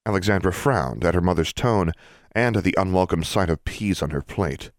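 A man reading a story aloud as a narrator, in even, measured storytelling. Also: low voice, dry recording, clean studio sound. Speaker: audiobook narrator. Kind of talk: scripted narration.

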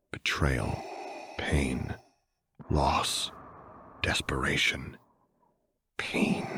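A man narrating a story in a soft, hushed way, his voice sitting extremely low. He takes his time over every phrase. A faint hiss lies under the recording. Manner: soft, hushed, slow reading. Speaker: audiobook narrator. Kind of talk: scripted narration of fan fiction.

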